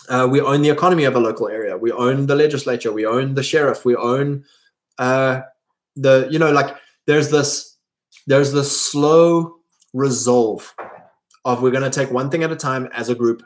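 A man's voice: mid-range voice, fairly even intonation, normal speed. Blunt, preachy man talking to camera. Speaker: video host. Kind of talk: monologue to camera.

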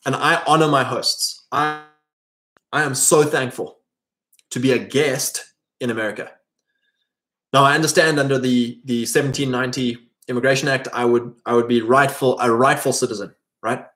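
A man's voice: medium pitch, fairly even intonation, moderate pace, fairly bright tone. A man from South Africa with a South African accent, talking in a casual, rambling monologue full of fillers and restarts.

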